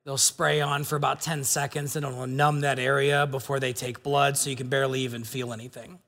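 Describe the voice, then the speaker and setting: A man's voice: medium pitch, little pitch movement, fairly quick, vocal fry, a bit bright, big-room sound. A pastor preaching a sermon in an earnest, conversational way, asking his listeners rhetorical questions.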